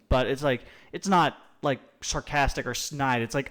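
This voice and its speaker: A man hosting a casual podcast chat, talking in animated, rambling bursts with restarts and frequent swearing. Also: mid-range voice, fast talker, few pauses. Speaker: podcast host.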